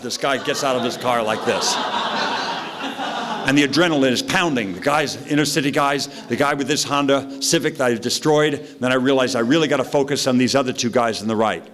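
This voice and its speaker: A man speaking at an AA meeting, telling a loose, animated personal story with sound effects. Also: medium pitch. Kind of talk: recovery story told to a meeting.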